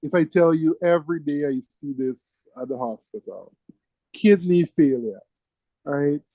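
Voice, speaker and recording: A man's voice: a little high, a little slow, mellow, dry recording, poor audio. A middle-aged man giving an exam-prep medical lecture. He is emphatic, repeats key words and keeps checking in with "right?".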